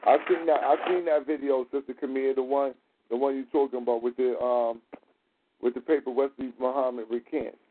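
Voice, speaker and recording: A man's voice: mid-range voice, steady tone, a little fast. A man in casual storytelling chat, with a loose, profane, laughing manner. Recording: tinny phone-like audio.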